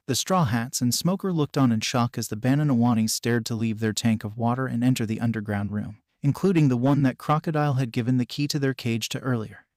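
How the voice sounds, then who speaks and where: A man narrates a fan fiction story in a steady, mid-range voice. He reads every character in the same flat, even manner. The sound is close and dry. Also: mid-range voice, no echo. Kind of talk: reading fan fiction aloud.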